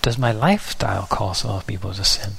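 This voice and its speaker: A man's voice: fairly low pitch, a little fast, creaky, fairly bright tone, husky, rough recording. A man preaching a sermon in an earnest, searching way, sometimes losing his place and restarting.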